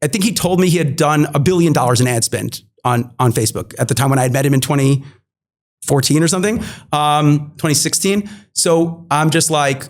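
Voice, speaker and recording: A man with a fairly high voice tells a story as a podcast guest. He is animated and filler-heavy, and he slips into quick acted-out bits of dialogue. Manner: animated, many fillers, acts out quoted dialogue. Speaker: podcast guest, marketing entrepreneur. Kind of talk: storytelling anecdote.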